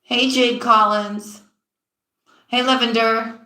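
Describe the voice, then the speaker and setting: On her live stream, a woman tarot reader chats in an unhurried, drawn-out manner with a bright, forceful tone and fairly even intonation. She calls viewers sweetheart and sis affectionately and often trails off low and quiet mid-sentence, in roomy, echoey sound.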